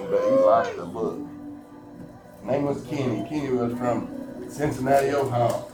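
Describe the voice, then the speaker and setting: A man preaching an earnest sermon at a church service, telling stories and slowing down to read scripture. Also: mid-range voice. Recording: echoey church room with music behind.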